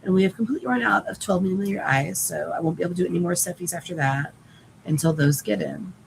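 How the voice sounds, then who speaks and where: A woman's voice: on the low side, expressive, fast, gravelly, slight background noise, rough recording. A woman chatting casually on a live stream while sewing, rambling and swearing lightly, her voice cracking and giving out. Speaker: crafting livestreamer.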